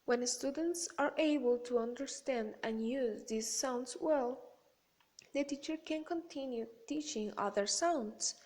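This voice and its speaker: A woman with a high voice reads a class presentation aloud. Her pace is slow and measured, each phrase set down with care. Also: a little mellow. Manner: careful, measured reading.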